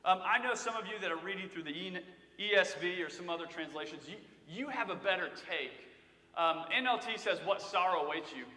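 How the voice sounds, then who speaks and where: High, bright-voiced man preaching in an echoey hall. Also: animated, fairly quick. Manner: conversational storytelling with humor. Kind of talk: sermon. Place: church sanctuary.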